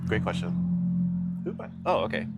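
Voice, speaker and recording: A man's voice: sits low, big pitch swings, a little fast, gravelly, loud music behind the voice. A man hosting a casual podcast interview, laughing often and rambling as he searches for words. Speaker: podcast host. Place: outdoors in a park. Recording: faint outdoor background noise.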